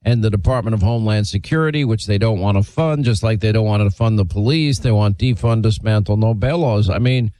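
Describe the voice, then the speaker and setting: A man's voice: lowish voice, a little fast, hardly any pauses, mellow, dry recording, rough recording. A man hosting a talk radio show, reading a statement and interviewing a guest in an emphatic, opinionated way.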